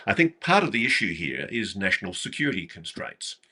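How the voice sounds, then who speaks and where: A man, a guest giving measured, hedging commentary that turns blunt at times. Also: on the low side, very animated, heavy background noise. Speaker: interview guest. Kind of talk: speculative interview commentary.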